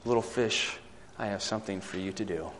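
A man voicing God as a calm, gentle and reassuring speaker in a story. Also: fairly low pitch, fairly quick, long reverb tail, pitched below the performer's own voice, natural voice.

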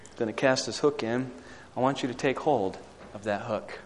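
A man voicing God as a calm, gentle and reassuring speaker in a story. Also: mid-range voice, moderate pace, big-room sound, a little hiss or hum, close to an everyday voice.

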